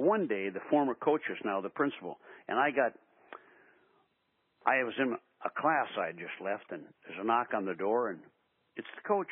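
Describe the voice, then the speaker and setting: An older man, a basketball coach, tells animated stories in a radio interview, acting out the quotes. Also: lowish voice, husky, no room sound. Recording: tinny phone-line sound.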